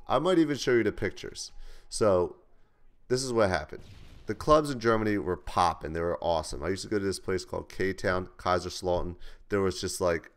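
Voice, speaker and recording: Young guy, deep voice, rambly cussing vlog storytelling. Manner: rambling, loose and profane, with many restarts. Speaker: vlogger. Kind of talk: casual storytelling to camera.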